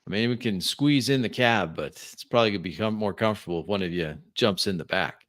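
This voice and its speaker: A man voicing a gruff but friendly old truck owner who talks in an easygoing, folksy way. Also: on the low side, fast, a bit bright, no echo, lightly acted.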